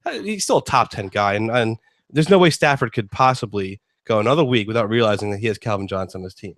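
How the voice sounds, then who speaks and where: Male sports host, low voice, dry booth sound, rambling and jokey. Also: lively intonation, fast, fairly bright tone, dry recording. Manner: rambling, filler-heavy, joking. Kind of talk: casual sports talk.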